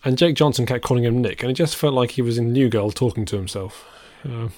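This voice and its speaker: A man's voice: medium pitch, steady tone, fast, darkish tone, no echo, clean studio sound. Rambling man with a chuckle. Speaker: podcast co-host. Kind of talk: casual movie chat.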